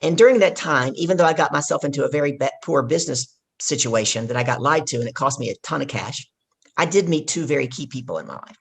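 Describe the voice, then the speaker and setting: A middle-aged woman, a guest on an interview podcast, telling stories in a lively way and acting out the dialogue. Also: extremely low pitch, fast, creaky, breathy edge. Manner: animated storyteller who acts out quoted dialogue. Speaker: guest speaker. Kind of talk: casual storytelling interview.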